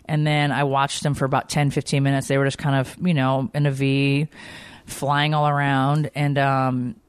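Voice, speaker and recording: A woman co-hosting a casual chat, telling stories with lively quoted voices. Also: a bass voice, moderate pace, smooth, no room sound. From Georgia, US. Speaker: podcast co-host.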